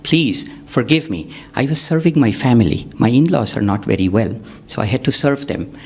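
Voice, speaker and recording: A man's voice: medium pitch, expressive, moderate pace, a little hiss or hum, natural voice. A man voicing a dutiful village housewife in a spoken story, speaking in a courteous, apologetic way.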